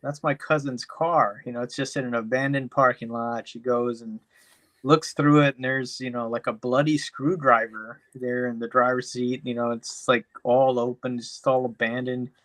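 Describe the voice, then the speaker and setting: A man's voice: mid-range voice, little pitch movement, moderate pace, a bit bright. A man co-hosting a podcast, recapping a movie plot in a rambling, profane way, packed with "you know.". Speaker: podcast co-host. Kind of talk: casual chat, movie recap.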